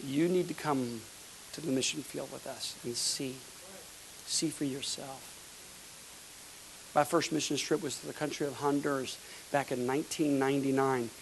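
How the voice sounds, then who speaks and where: A pastor from the United States, preaching a fervent sermon with emphatic repeated words. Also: male voice, mid-range voice, slight background noise, rough recording.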